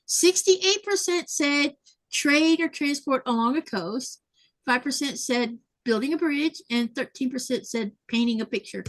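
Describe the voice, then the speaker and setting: A woman's voice: high voice, a bit bright. A woman hosting a casual sewing livestream, chatting and laughing often as she reads viewer comments aloud. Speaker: livestream host.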